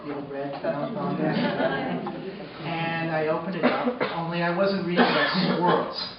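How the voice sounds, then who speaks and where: A man telling a personal story on stage, moving between hushed, sombre narration and loud, excited retelling. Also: on the high side, a little slow, over a noisy crowd. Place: arts center stage before a live audience. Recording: echoey hall from far off, dull and noisy.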